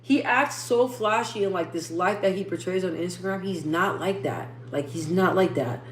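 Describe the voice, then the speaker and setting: Chatty young woman on an echoey livestream. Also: a little hiss or hum. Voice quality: talks in a lifted register above her natural low voice. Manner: rambling, chatty, slangy, quick asides to viewers. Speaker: livestream host. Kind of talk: casual livestream chat reading viewer comments.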